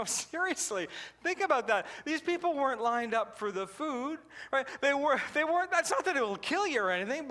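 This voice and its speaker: A man giving a keynote talk, telling a story in an animated way with frequent laughs. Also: extremely high pitch. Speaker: customer service keynote speaker.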